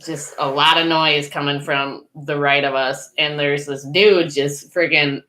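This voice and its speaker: A young woman tells a story on a casual podcast, unhurried and dotted with "um"s. Her voice is bright and a little sharp, and it rings in a roomy, echoey space. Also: low voice, fairly even intonation. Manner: slow, easygoing, with many "um"s and quick back-channel "mm-hmm"s. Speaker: podcast co-host.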